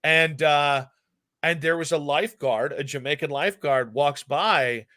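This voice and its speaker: A young man co-hosting a sports podcast, talking in a bright, forceful voice that sits a bit high for a man. He tells stories animatedly, jumping up in pitch and volume when excited. The sound is close and dry. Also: a little slow, dry recording. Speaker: podcast co-host. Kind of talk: casual chat.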